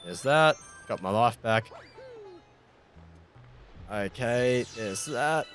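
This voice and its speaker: An Australian man chatting through a game session with a lively voice that swings up and down. He pokes fun at his own mistakes and swears mildly. Faint game music plays behind him. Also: mid-range voice, drawn-out words. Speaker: gaming YouTuber. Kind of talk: casual let's-play commentary.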